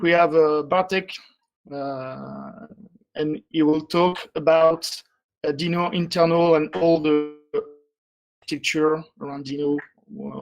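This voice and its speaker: A man introducing a tech meetup's talks, pausing often with fillers. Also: on the high side, low-quality recording. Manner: hesitant, many fillers. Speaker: meetup host. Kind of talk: casual event introduction.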